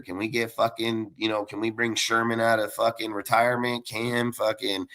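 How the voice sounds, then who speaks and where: A man's voice: fairly low pitch, level tone, moderate pace, a bit bright. A man on a sports podcast panel, ranting heatedly about his football team, swearing constantly and rambling from point to point. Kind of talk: profane sports rant.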